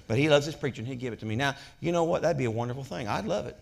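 A man preaching a sermon as a pastor, swinging from loud exhortation to quiet storytelling, with interjections of amen. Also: mid-range voice, very fast, gravelly, hardly any pauses.

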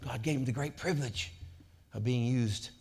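A man preaching a sermon as a pastor, swinging from loud exhortation to quiet storytelling, with interjections of amen. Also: medium pitch, normal speed, slightly rough.

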